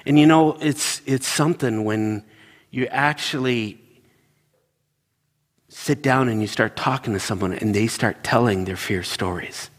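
A man's voice: medium pitch, a little slow, long reverb tail. A middle-aged man preaching in a church, telling personal stories and acting out the voices in them. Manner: animated storyteller acting out quotes. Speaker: pastor. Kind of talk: sermon storytelling.

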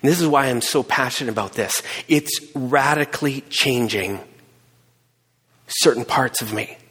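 A middle-aged male pastor preaches with a husky, breathy voice. He tells a personal story, moving between hushed, intimate lines and emphatic, raised ones. His voice rings with the long reverb of a large hall. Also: medium pitch, normal speed. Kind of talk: sermon.

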